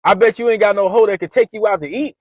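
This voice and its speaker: A man's voice: high-pitched, fast talker, no echo. A man casually retelling a personal story in loose slang, often restarting his sentences.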